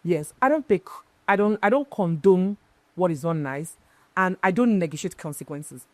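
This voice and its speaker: A woman's voice: lowish voice, lively intonation, normal speed, darkish tone, dry recording. Woman, event-planner guest, emphatic storyteller, dry close sound. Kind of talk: casual interview chat.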